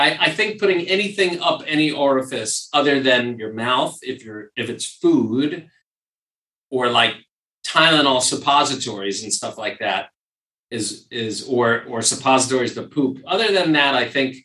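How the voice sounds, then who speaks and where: This casual podcast is hosted by a surgeon from New York, an animated storyteller whose chat is full of repeated phrases for emphasis. His voice is mid-pitched, bright, and forward, recorded from a distance and slightly off-mic in a roomy room with echo.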